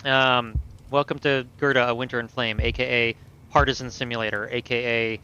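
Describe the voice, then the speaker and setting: A man's voice: medium pitch, little pitch movement, moderate pace, bright, forceful tone, smooth, dull audio. A man streaming a video game, talking loosely with fillers and self-corrections as he comments. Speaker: gaming streamer. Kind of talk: let's play commentary.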